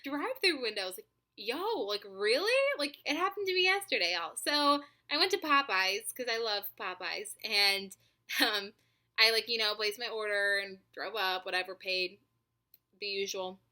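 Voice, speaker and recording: A woman in her twenties telling a story to camera in a chatty, animated way, swearing freely and filling her talk with likes and ums. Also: mid-range voice, moderate pace. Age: 20s. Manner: animated, profane, chatty with many fillers. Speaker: vlogger.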